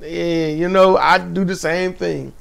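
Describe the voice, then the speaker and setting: A man's voice: on the high side, steady tone, slow pace, gravelly, clean tone. A man co-hosting a casual wrestling chat, laid-back and easygoing. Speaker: podcast co-host.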